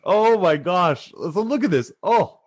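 A male interviewer hosting a casual chat, reacting with excitement and frequent laughter. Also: high-pitched, takes it slowly, noisy background. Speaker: interviewer, host.

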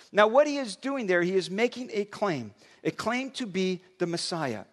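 A man preaching a sermon, conversational and animated, often repeating words as he builds his point. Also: high voice, moderate pace, few pauses. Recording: long hall reverb.

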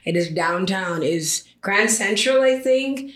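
A woman's voice: mid-range voice, expressive, slow, a bit bright. A woman co-hosting a podcast in casual chat, chatty and teasing and laughing often. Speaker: podcast co-host. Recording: roomy echo with faint noise.

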